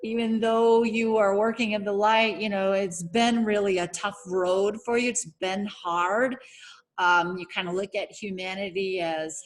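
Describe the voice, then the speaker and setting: Slow-talking woman reading oracle cards. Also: medium pitch. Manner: slow, searching, with many fillers and restarts. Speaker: oracle card reader and heart coach. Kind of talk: casual spiritual card reading. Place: home setting.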